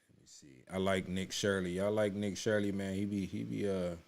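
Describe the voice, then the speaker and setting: Deep-voiced man rambling casual commentary. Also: level tone, normal speed, gravelly, a little mellow. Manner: rambling, repeats and restarts words; talks to viewers as "y'all". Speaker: reaction video host.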